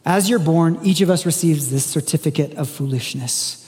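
A man's voice: fairly high pitch, normal speed, darkish tone, in a large hall. A man preaching a sermon in a conversational way, reading scripture aloud with emphasis. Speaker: pastor.

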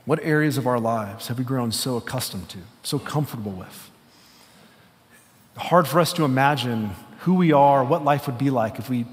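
A man's voice: medium pitch, long reverb tail. A man preaching an earnest, conversational sermon with some fillers and restarts. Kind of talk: sermon with a story read aloud.

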